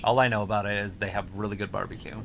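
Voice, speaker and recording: A man co-hosting a live watch-along show, reacting loudly to the action and joking in casual chat. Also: on the low side, steady tone, rapid-fire, creaky, a little hiss or hum. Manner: yells at big moments, jokey.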